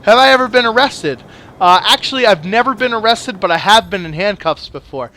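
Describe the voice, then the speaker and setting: A young man with a fairly high voice tells rowdy stories over his gameplay, dropping curses into nearly every sentence. He is jokey and animated, cracking one-liners mid-tale. His tone stays loose and conversational. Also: brisk. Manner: profane, swears constantly. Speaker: gaming channel host. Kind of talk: casual storytelling over gameplay.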